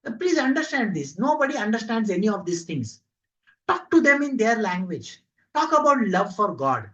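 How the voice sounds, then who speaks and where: A man's voice: high voice, low-quality recording. A man teaching spiritual devotion in a conversational talk, full of rhetorical questions.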